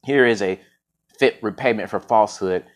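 A man's voice: on the low side, moderate pace, lightly acted. A man voicing a commanding king from an old fable, stern and proclaiming. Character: ancient Indian king, commanding, quick to wrath.

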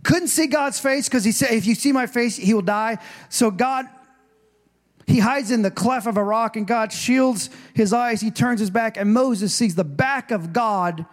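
A man's voice: extremely high pitch, a little slow. A male pastor preaching a sermon in a church, conversational and digressive, with restarts, and acting out scripture voices with rising emphasis.

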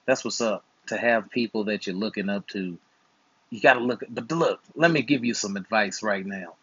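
Young uncle type, playful and slangy, husky voice, dry close sound. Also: male voice, lowish voice, normal speed, a bit bright, no room sound, highs cut off. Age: 20s. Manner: playful, slangy, teasing advice. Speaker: uncle and channel host. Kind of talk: casual chat while gaming.

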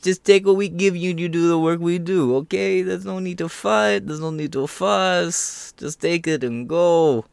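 A man's voice: on the high side, no room sound, pitched above the performer's own voice. A man putting on the voice of a pushy, greedy male businessman who coaxes someone to take the money. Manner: wheedling, coaxing, sing-song.

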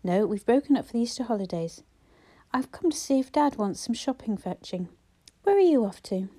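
A relaxed, good-humoured schoolteacher from a novel, read by a woman narrator. The delivery is mellow and unhurried. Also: a little high. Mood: easygoing. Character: easygoing grown son, a schoolteacher.

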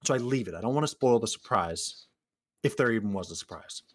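A man's voice: fairly low pitch, fairly quick. A young man co-hosting a podcast, telling a story in casual chat, swearing often and acting out the lines of the people in it. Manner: animated, swears often, acts out quotes. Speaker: podcast co-host.

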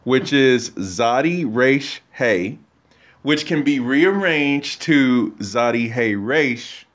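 A man's voice: mid-range voice, extremely slow, dull audio. A man explaining word meanings in a casual faith discussion, talking with an easy, explaining tone. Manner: animated storytelling, acts out quotes.

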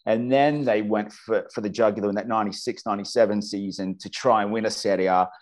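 A man's voice: on the low side, steady tone, quick pace. A man from Australia with an Australian accent, a football commentator talking enthusiastically and restarting his sentences often on a casual podcast.

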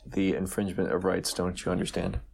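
A young man with a very deep, gravelly voice, bantering on a casual podcast. He is laid-back and joking, and he pads his sentences with lots of fillers. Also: monotone, a little fast, darkish tone, slight background noise. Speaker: podcast co-host. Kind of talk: casual chat.

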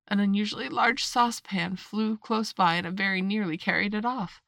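A woman narrating a children's classic in an even, measured audiobook reading. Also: mid-range voice, vocal fry, no echo, clean studio sound.

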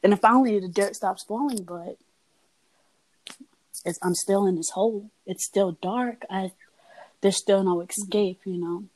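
A young woman talking candidly as a podcast guest, her voice soft and even at a middling pitch. She is reflective and builds her points through rhythmic repetition. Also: unhurried, long pauses, poor audio. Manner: soft-spoken, reflective, repeats phrases for emphasis. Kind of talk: candid personal conversation.

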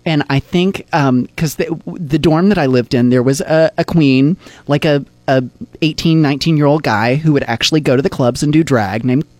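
A playful, expressive man who performs drag, telling stories as a podcast guest. His fairly high voice is recorded dry and close. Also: moderate pace, no room sound. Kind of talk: casual chat.

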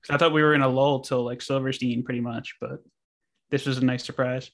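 A man's voice: mid-range voice, steady tone, a little fast. A man co-hosting a music podcast, easygoing in casual chat, often chiming in with short agreeing replies. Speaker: podcast co-host.

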